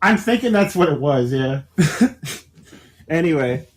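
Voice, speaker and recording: A man's voice: a little high, expressive, a little slow. A man in casual podcast chat, animatedly telling a story, laughing often and swearing a lot. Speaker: podcast co-host.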